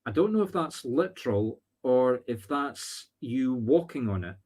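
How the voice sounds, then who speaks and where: A man's voice: medium pitch, sing-song, a little slow, darkish tone. A man with a Scottish accent giving live-streamed psychic readings, chatty and thinking aloud with teasing asides. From Scotland. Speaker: spiritual medium.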